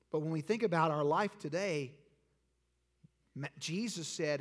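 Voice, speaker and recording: A man pastor preaching a sermon in an animated way, swinging from loud declarations to hushed lines. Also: on the high side, a little slow, long pauses. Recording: long hall reverb.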